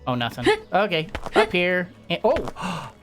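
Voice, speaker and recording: A woman giving casual, excitable commentary while she plays a game, chatting away with frequent gasps and laughs. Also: on the low side, measured pace, over music. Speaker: gameplay streamer.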